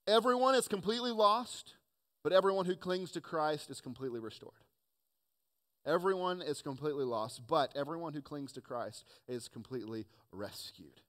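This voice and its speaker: A man delivers a sermon in a slightly raised voice. He moves from loud, emphatic points down to quiet, earnest asides as he preaches. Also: a little high, normal speed. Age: adult, has children. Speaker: pastor.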